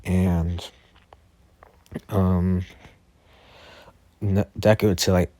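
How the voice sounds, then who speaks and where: Deep-voiced man rambling through a story. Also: steady tone, slow pace, long pauses, a little mellow, no echo. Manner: rambling, self-correcting, with many fillers. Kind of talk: improvised fan story narration. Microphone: Discord voice chat.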